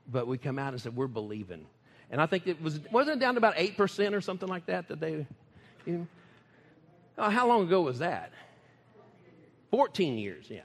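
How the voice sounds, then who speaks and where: Folksy and laughing, a preacher from Texas tells animated sermon stories in a high-pitched voice that runs a little fast but pauses often. The recording is made in an echoey hall.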